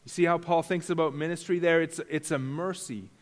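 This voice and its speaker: A male pastor delivers an earnest sermon, putting rhetorical questions to his listeners and often doubling words as he goes. His voice sits high for a man. It rings out with a long reverberation, as in a large hall. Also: fairly even intonation, brisk.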